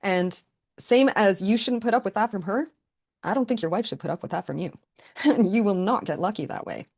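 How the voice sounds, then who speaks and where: Podcast host, woman, mid-pitched, blunt coaching delivery straight to the listener. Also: lively intonation, fairly quick. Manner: frank, coaching, plain-spoken. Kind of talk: direct advice monologue.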